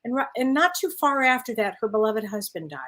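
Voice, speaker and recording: A woman's voice: a little high, expressive, fairly quick, a bit bright. A woman co-hosting a spiritual talk show, telling stories in a chatty way. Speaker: co-host.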